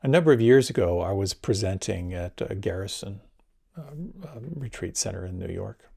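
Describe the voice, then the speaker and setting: Gravelly, mellow-voiced meditation teacher, a man. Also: lowish voice, animated. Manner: gentle, unhurried, soft-spoken guidance. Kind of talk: guided meditation talk.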